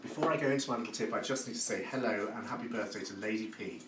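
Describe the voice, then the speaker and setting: A lowish male voice rattles along at rapid-fire speed as he hosts a live cooking demonstration in his own kitchen. He's chatty and effusive, full of words of praise. The recording is echoey and picked up from a distant mic, with background noise.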